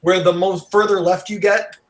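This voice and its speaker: A man hosting a casual podcast chat, wired on coffee, rushed and rambling, blunt and profane. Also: high voice, flat delivery. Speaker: podcast host.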